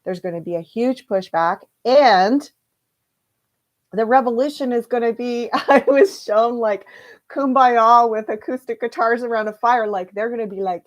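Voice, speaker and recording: A woman hosting a livestream tarot reading, chatty and animated, laughing often and quoting people in playful voices. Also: a little high, unhurried. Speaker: tarot reader.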